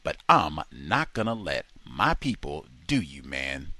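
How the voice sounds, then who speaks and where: A man's voice: extremely low pitch, very animated, measured pace, sharp tone, no room sound, pitched below the performer's own voice, exaggerated voice. A man doing a swaggering convict with a Spanish accent. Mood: streetwise. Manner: rough, swaggering, profane. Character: tough streetwise male convict, Latino.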